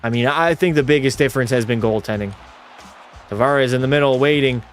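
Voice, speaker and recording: A man's voice: medium pitch, brisk, faint music behind. A young man hosting a live hockey watch party, calling plays and bantering bluntly with his chat. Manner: blunt, chatty, reacts to chat with jokey banter. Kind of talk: casual live-stream chat and play-by-play.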